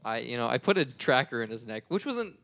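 A man co-hosting a comedy podcast, telling absurd stories in a deadpan, slangy way. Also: medium pitch, brisk, creaky. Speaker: podcast co-host. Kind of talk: comedic banter.

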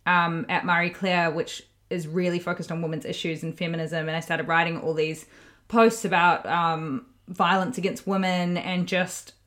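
A woman with a fairly low voice chats casually and reacts quickly. She sounds relaxed and conversational as she talks about her own experience. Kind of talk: casual chat.

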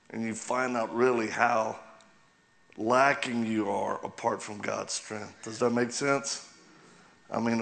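A man's voice: mid-range voice, creaky, a bit bright. A man preaching a humorous sermon in a church, telling stories, asking the crowd questions and laughing often. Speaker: guest preacher. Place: church sanctuary.

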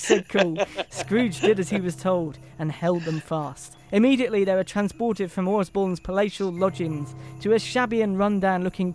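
An English man with a high-pitched voice reads a comic Christmas story aloud on a podcast. He leans into the drama and plays each character's voice. Soft music sits behind him. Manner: reads dramatically, breaking off into laughter and asides.

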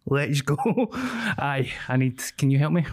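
A man's voice: a little high, big pitch swings, slow, slightly rough. A Scottish man co-hosting a podcast, sweary and laughing through rowdy banter. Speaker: podcast co-host. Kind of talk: casual banter.

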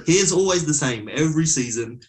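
A man's voice: on the high side, expressive, fairly quick. A man co-hosting a casual football podcast, blunt and profane. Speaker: podcast co-host. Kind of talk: casual chat.

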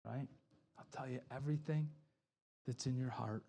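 A pastor preaching a conversational sermon, acting out quoted voices, often asking "right?" and restarting sentences. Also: male voice, mid-range voice, fairly even intonation, moderate pace, vocal fry, mellow, husky.

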